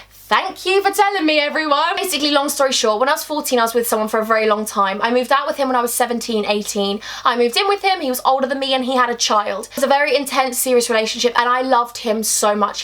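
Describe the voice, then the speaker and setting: A woman's voice: fairly high pitch, quick pace, fairly bright tone. A young woman from England telling a chatty, emphatic storytime vlog, acting out bits of dialogue. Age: young adult. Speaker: vlogger.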